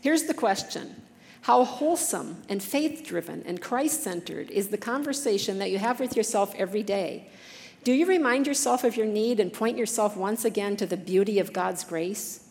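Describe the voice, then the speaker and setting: A woman's voice: mid-range voice, moderate pace, vocal fry, darkish tone, big-room sound. A woman giving an earnest, conversational devotional talk, reading scripture passages with feeling.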